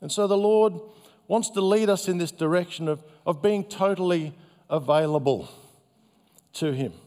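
A male pastor giving a sermon in a gentle, conversational, self-deprecating way. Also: sits high, normal speed. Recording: long hall reverb.

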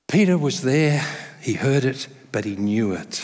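A male pastor preaching a sermon at a church service, conversational and self-deprecating, telling stories with lively humor. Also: medium pitch, moderate pace. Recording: long hall reverb.

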